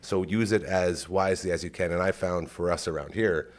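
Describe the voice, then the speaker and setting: A man's voice: sits low, a little fast. A man co-hosting a podcast in casual chat, giving encouraging pep talks. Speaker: podcast co-host.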